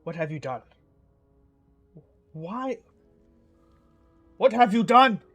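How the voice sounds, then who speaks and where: A proud, easily disgusted king who snaps out clipped commands, as a man puts him on. The voice sits fairly high for a man. Faint music plays under the tabletop fantasy scene. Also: measured pace, dull audio.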